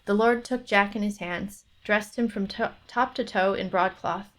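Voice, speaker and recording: A woman narrating a fairy tale aloud on a book club stream in a steady storytelling manner. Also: mid-range voice, moderate pace.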